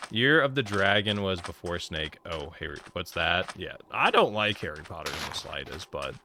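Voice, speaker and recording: Low-voiced male streamer, noisy mic. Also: animated, normal speed. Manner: rambling, chatty, talks to chat. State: slightly sore voice. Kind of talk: casual live-stream chat while gaming.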